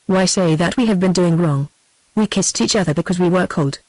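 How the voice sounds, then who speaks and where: A synthetic woman's voice with a British accent reading the lines of an earnest young man in an even, plain manner. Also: on the low side, a little fast, no room sound, close to an everyday voice, low-quality recording.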